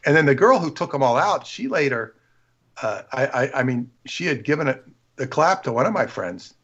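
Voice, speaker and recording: A man's voice: medium pitch, very animated, normal speed. A man on a casual livestream, telling rambling anecdotes full of restarts and quoted asides. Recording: dull lo-fi stream audio.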